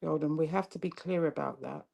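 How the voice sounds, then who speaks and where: Low, gravelly-voiced woman co-host. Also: fairly quick, mellow. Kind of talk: talk show discussion.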